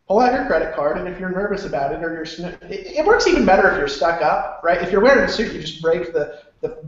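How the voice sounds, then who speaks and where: A man's voice: high-pitched, animated, fast. A man hosting an online sales talk who rambles, swears, restarts his sentences and laughs often. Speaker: host of an online sales webinar. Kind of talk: loose, rambling sales pitch. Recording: very echoey room, dull lo-fi sound.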